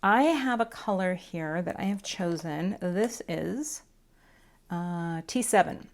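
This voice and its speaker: A woman's voice: lowish voice, expressive, slow pace. A woman teaching card coloring in a casual, chatty talk-through, self-deprecating and muttering to herself as she works. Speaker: craft teacher.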